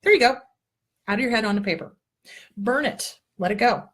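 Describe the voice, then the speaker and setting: A woman's voice: on the high side, fairly quick, breathy edge. A woman therapist and show host giving casual self-help advice, blunt and profane, coaching the listener step by step through exercises. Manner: blunt, earthy and profane, with lively asides.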